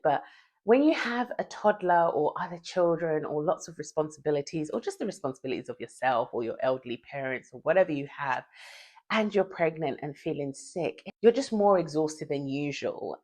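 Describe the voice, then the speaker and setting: Woman chatting to camera at home, low voice, kinda out of breath, laughs a lot. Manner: chatty and confiding, laughs often. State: often out of breath. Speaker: vlogger. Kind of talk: casual chat to camera.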